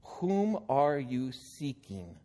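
A man's voice: medium pitch, very animated, drawn-out words, warm tone. A man preaching a sermon, reading scripture aloud and then explaining it with growing emphasis.

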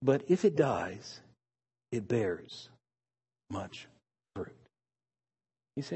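A man preaching a sermon, swinging between hushed, drawn-out phrases and sudden emphatic bursts. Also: mid-range voice, sing-song, husky.

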